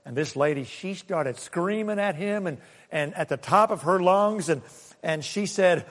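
Preaching at normal speed in a high-pitched voice, a male pastor keeps things conversational with stories and laughter, then drives his points home more forcefully. Soft asides give way to emphatic ones, and a long reverb tail follows.

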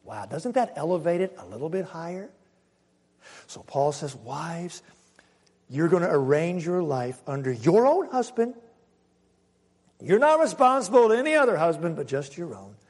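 A man preaching a sermon emphatically, with dramatic pauses, his voice swinging from loud to hushed. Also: on the high side, very animated, long reverb tail. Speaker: pastor.

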